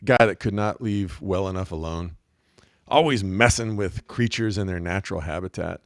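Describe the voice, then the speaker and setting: A man's voice: lowish voice, moderate pace, no echo, studio quality. A middle-aged man hosting a show in a rambling, joking monologue. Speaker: podcast host. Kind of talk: casual comedic monologue.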